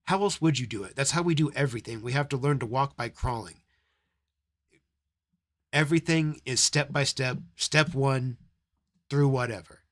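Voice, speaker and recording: A man's voice: medium pitch, moderate pace, long pauses, fairly bright tone. Blunt cursing male streamer. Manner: blunt, profane, scolding. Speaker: live stream host. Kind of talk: ranting commentary stream. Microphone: desk microphone.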